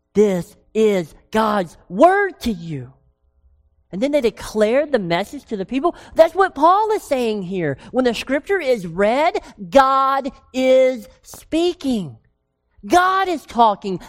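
A woman preaching a sermon with emphasis, asking the congregation rhetorical questions and slowing down on key words. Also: on the high side. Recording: long reverb of a large hall.

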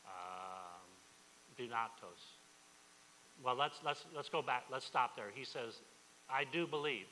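A man's voice: mid-range voice, slow pace, bright, forceful tone, long reverb tail, slight background noise, rough recording. A man preaching a sermon as pastor, emphatic and repetitive, often restarting his phrases.

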